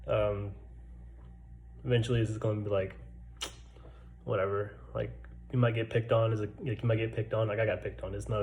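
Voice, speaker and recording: A man's voice: fairly low pitch, level tone, moderate pace, long pauses, a little mellow, rough recording. A man in his twenties who stutters, telling his own story in a laid-back, casual way with lots of fillers, recorded in a barracks room. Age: 20s. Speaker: vlogger.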